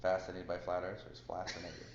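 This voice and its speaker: Rambling man telling a story, roomy lo-fi. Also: medium pitch. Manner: rambling, halting storyteller with many restarts. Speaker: podcast co-host. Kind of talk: casual chat. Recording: roomy, dull lo-fi sound with faint hiss.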